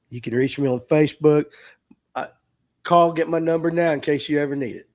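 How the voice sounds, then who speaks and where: A man's voice: a little high, brisk, darkish tone. A middle-aged man, a tackle shop owner on a livestream, talking earnestly and emotionally, repeating himself and near tears. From US South. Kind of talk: heartfelt casual livestream talk. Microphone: streaming mic.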